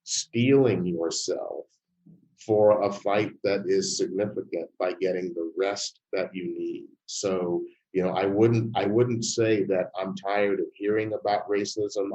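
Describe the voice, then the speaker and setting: An older man giving an interview answer in a measured, emphatic way, telling anecdotes. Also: deep voice, steady tone, a little mellow, dull audio. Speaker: interview guest, filmmaker.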